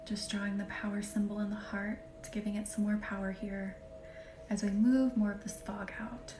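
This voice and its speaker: A woman hosting a live healing stream, speaking softly and often half-whispering as she greets viewers by name and guides them to relax. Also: medium pitch, level tone, normal speed, a little hiss or hum. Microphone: phone or webcam for live stream. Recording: roomy room with faint music.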